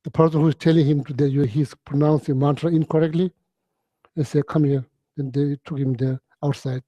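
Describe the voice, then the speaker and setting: A man giving a Buddhist teaching, telling stories in halting, repetitive phrases with many "you know"s and frequent throat-clearing. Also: a little high, fairly even intonation, dark tone, no room sound. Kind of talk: storytelling dharma talk.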